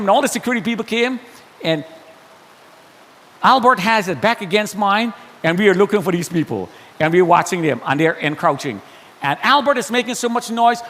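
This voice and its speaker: A man tells his story in a church hall, his high voice leaping up and down as he acts out the people he met. His words ring with a long reverb, over a faint hiss. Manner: animated, acts out dialogue with shifting pitch. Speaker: guest speaker sharing testimony. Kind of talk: storytelling testimony. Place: church auditorium.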